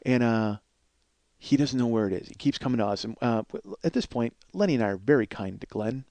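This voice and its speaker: A man in his forties hosting a podcast, telling a comic story from his childhood in an animated, profane way. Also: fairly quick, dry recording. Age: 40s. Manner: animated, profane, acts out voices with big pitch swings. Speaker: podcast host.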